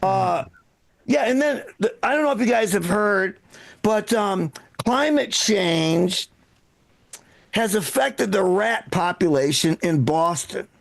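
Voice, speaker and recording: A middle-aged man performs a stand-up set in a rambling, profane way, breaking off and restarting his lines. His voice sits high for a man and has a gravelly edge. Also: expressive, slow. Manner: rambling, profane, self-interrupting delivery. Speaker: stand-up comedian. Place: live comedy stream with echo. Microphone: own microphone.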